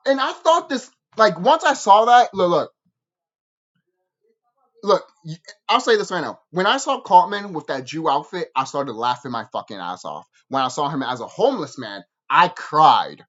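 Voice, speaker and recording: A show reviewer vents in a vlog with profane, animated ranting, stumbling through many fillers and restarts. Her voice is medium-pitched at a normal speed, captured on a muffled recording.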